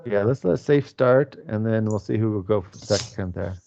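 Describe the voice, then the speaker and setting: A man's voice: fairly low pitch, moderate pace, creaky, warm tone, dull audio, a little hiss or hum. A man in his forties teaching an online English class, patient and explanatory with many fillers. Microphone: video call.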